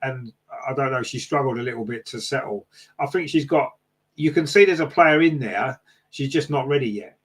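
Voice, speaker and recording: A man chats casually on a fan podcast, his voice sitting at an everyday middle pitch. He rambles along with plenty of fillers and tag questions, reading out viewers' comments and answering them. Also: normal speed, husky. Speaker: podcast host reading live chat.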